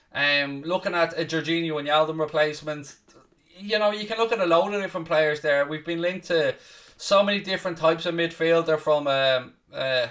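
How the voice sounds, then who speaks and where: A man hosting a live football watchalong, commentating casually, swearing a little, mocking himself, and shouting out loud at big chances. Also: on the high side, recorded from a distance. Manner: self-deprecating, swears casually. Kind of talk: live match commentary and chat with viewers.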